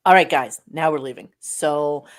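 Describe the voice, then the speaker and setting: A woman's voice: low-pitched, normal speed. Chatty woman hosting a live stream. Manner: chatty, teasing, reads viewer comments aloud. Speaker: podcast host. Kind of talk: casual live-stream chat.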